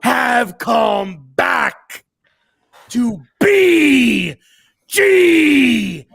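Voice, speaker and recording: Male co-host, booming announcer-style intro, lively pitch, dry close sound. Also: drawn-out words, creaky, slightly rough, dry recording, raised voice.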